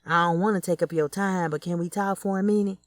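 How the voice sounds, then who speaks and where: Woman voicing a smooth-talking older hustler. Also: lowish voice, fairly even intonation, fast talker, no echo, recorded from a distance, close to an everyday voice. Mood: flirting. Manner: smooth, teasing, slangy come-ons.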